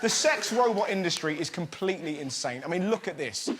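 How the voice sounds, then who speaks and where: A man doing stand-up as host, animated and mock-outraged, shouting his punchlines. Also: sits high, brisk, some chatter behind, slight background noise. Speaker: comedian host. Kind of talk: stand-up comedy. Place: TV studio with live audience. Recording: loud studio audience laughter.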